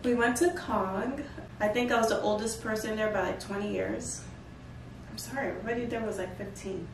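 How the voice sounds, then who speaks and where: Woman host recounting a trip with lively, playful delivery; echoey room, distant mic. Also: mid-range voice, brisk, noisy background. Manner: animated, playful storytelling with bursts of laughter. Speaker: vlog host. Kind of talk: casual chat.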